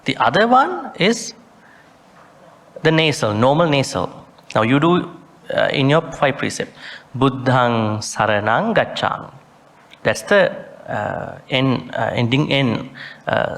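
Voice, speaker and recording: Slow-spoken monk teaching Pali pronunciation. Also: male voice, medium pitch, big pitch swings, creaky, fairly bright tone. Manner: slow, deliberate, sounds out Pali words and recites them with care. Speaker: Buddhist monk teaching a sutta class. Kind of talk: Pali study lesson.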